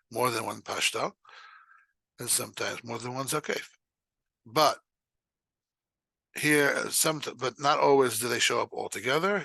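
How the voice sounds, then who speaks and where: A man teaching bar mitzvah students to chant, explaining each note patiently and then singing the phrases slowly. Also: medium pitch, gravelly, bright, forceful tone, no echo. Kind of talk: recorded lesson, chanting examples.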